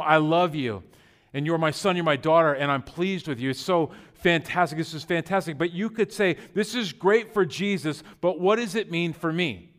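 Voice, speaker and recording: A man with a fairly high voice delivers a sermon to his congregation. He talks conversationally, full of casual fillers, and swings from sudden loud bursts to hushed, intimate lines. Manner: conversational with fillers like "like" and "you know". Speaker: pastor.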